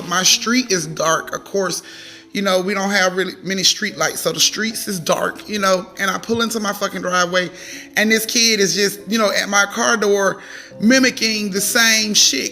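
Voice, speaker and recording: A woman with a bright, forceful voice tells a personal story in a heated, dramatic way. She swears freely as she talks. Faint music sits in the background. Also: mid-range voice. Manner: profane, heated, dramatic retelling.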